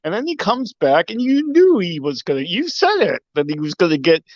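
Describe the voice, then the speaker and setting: A man's voice: high-pitched, wildly swooping pitch, a little fast, no echo. A man on a sports talk panel, stunned and sarcastic, swearing as he reacts to the game. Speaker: panelist calling in. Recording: lo-fi remote line.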